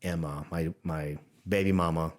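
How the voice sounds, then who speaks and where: Louisiana-accented male podcast guest, low pitch, folksy storyteller. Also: fairly even intonation, normal speed. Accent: Louisiana Southern. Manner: folksy, laughs often. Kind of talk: casual conversation.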